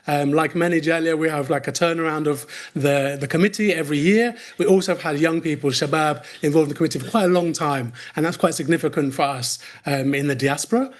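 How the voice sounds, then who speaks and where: Young English-accented male presenter, friendly, slightly high voice. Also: fast talker, few pauses. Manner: friendly, apologetic, mixes in Arabic phrases. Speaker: community researcher presenting. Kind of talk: conference presentation.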